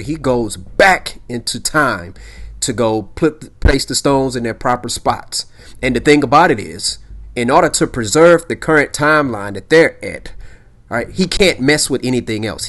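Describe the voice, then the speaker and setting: A man's voice: mid-range voice, fairly bright tone. A man hosting a solo podcast, talking casually and emphatically, repeating himself and checking in with "okay?" and "all right?". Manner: rambling, peppers lines with "okay?" and "all right?". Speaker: podcast host.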